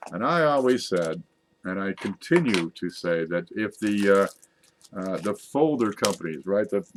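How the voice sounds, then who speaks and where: Deep-voiced man chatting about coins. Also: slight background noise. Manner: chatty, self-mocking, talks to viewers while zooming in on images. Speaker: coin collecting video host. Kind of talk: casual screen-share show-and-tell.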